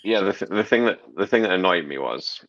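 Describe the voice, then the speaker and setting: A man's voice: sits low, expressive, brisk, muffled recording, crowd noise. A man co-hosting a casual gaming podcast, giving long rambling explanations and swearing casually. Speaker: podcast co-host reviewing a game.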